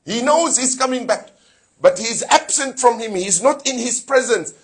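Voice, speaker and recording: A man's voice: very high voice, expressive, moderate pace, breathy edge. A man giving a sermon in a mosque, preaching fervently, asking his listeners rhetorical questions and reciting Arabic phrases from scripture. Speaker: sheikh giving a Muharram lecture.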